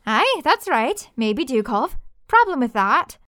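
A woman's voice: sits high, very animated, takes it slowly, fairly bright tone, no room sound, studio quality, exaggerated voice. A woman voicing a cheeky young female monster hunter with a teasing, breezy manner.

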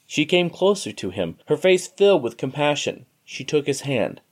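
Male narrator reading a storybook, expressive, slightly high voice with lively pitch. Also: normal speed.

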